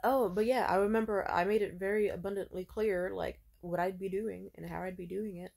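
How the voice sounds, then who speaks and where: A woman's voice: mid-range voice, steady tone, brisk, gravelly, a little mellow. A young woman talking in a rambling, profane, casual monologue full of filler words. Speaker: vlogger.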